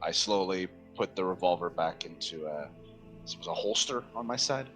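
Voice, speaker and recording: A man's voice: low voice, animated, moderate pace, fairly bright tone, soft background music. A man playing a tabletop game, describing his actions in a casual, rambling way. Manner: casual, rambling, filler-heavy. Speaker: player.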